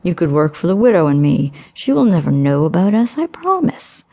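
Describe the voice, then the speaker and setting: A woman's voice: big pitch swings, brisk, a little mellow. A woman doing a suave, smug young suitor. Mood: smooth coaxing. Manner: suave, low, smooth coaxing. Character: smug, manipulative young man, a jilting suitor.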